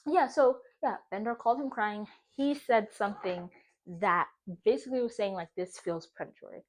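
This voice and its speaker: A young woman in her twenties, a vlogger telling a dramatic story in casual chat from her home kitchen, animated and exclaiming. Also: on the high side, normal speed.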